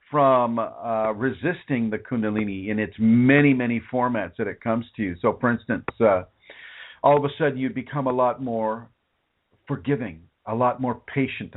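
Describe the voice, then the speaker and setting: A man's voice: mid-range voice, slight background noise. A man hosting a spiritual teaching broadcast, speaking earnestly and colloquially with frequent restarts and repeated words. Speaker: spiritual teacher and show host. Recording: phone-like narrow sound.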